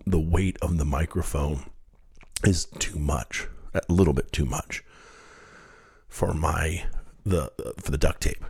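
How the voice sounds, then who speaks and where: Deep husky man telling a story. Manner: animated storyteller, laughs at himself. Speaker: podcast host. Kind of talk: storytelling monologue.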